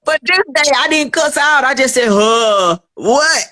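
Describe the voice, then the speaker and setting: A woman's voice: high-pitched, fairly even intonation, brisk, bright, forceful tone. Woman telling her life story. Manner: earnest storytelling, acts out quoted voices. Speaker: guest. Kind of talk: personal testimony in a podcast interview.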